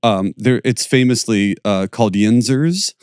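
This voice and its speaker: A man's voice: lowish voice, unhurried, darkish tone, clear, resonant tone, no room sound, studio quality. A man hosting a podcast, talking casually, searching for words and laughing often. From Pittsburgh area, USA. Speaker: podcast host and yoga teacher.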